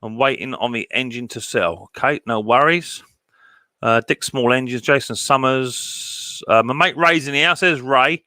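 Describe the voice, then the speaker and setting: A man's voice: medium pitch, normal speed, bright, forceful tone, no echo. A man hosting a casual live stream, reading out chat and greeting viewers by name with chummy banter.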